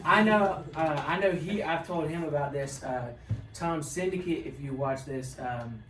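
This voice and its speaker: A man co-hosting a casual group chat, speaking in a halting, hesitant way. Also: on the high side. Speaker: podcast co-host. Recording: echoey, distant, faint hiss.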